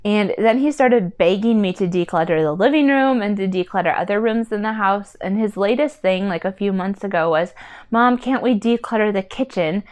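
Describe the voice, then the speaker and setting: A woman's voice: medium pitch, a little fast, hardly any pauses, a little mellow. A woman vlogging about decluttering as a mother, chatty and rambling, with lots of "like" and "um", and earnest in tone. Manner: chatty and rambling, with many fillers like "like" and "um"; earnest and heartfelt. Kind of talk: casual personal vlog talk.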